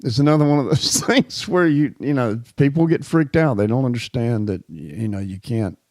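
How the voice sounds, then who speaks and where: Man, mid pitch, dry close sound, wry, casual storytelling chat. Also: lively intonation, normal speed, darkish tone, no room sound. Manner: wry, reacts with short exclamations. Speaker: co-host.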